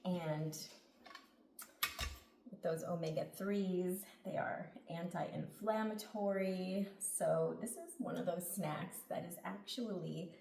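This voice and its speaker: A woman's voice: lowish voice, takes it slowly, creaky, crowd noise. A middle-aged woman hosting a casual cooking demonstration in a home kitchen, upbeat and chatty, laughing often. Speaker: cooking show host. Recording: echoey kitchen with background noise.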